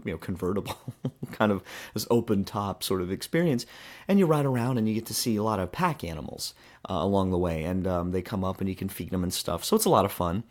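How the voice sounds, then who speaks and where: A man in his thirties hosting a podcast, telling a story in a casual, rambling way with lots of fillers and restarts. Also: fairly low pitch. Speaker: podcast host. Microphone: handheld microphone.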